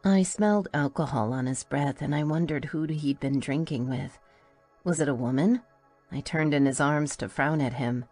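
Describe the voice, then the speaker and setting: A woman's voice: extremely low pitch, moderate pace, darkish tone, breathy edge, faint music behind. A woman narrating a first-person audiobook in a wry, playful storytelling manner.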